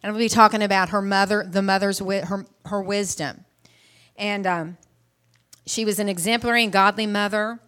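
A middle-aged woman, a mother, preaches a casual Mother's Day sermon. She retells a Bible story in a chatty way, often restarting her words and clearing her throat. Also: mid-range voice, fairly even intonation, moderate pace, a bit bright.

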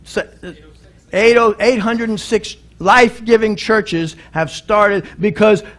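A man's voice: sits high, takes it slowly, a bit bright. A middle-aged male pastor preaching a sermon, telling a story earnestly and building to emphatic appeals, often restarting and repeating words.

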